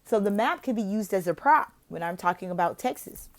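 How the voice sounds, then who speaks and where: A woman from the United States explaining how to teach online English lessons, switching between casual advice and slow, exaggerated teacher talk. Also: mid-range voice, animated. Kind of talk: instructional vlog with role-played teaching examples.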